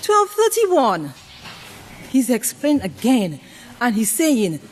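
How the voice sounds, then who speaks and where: Woman preacher with a high voice, questions the congregation, varied delivery. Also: huge pitch swings, slow. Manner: call-and-response questions to the congregation; varies pitch widely for emphasis. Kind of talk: sermon to a congregation.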